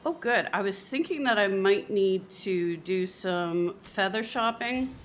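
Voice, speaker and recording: A woman's voice: medium pitch, lively intonation, a little slow, a little hiss or hum. A Canadian woman streamer in casual chat while she plays a game, chatty and often laughing. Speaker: live streamer.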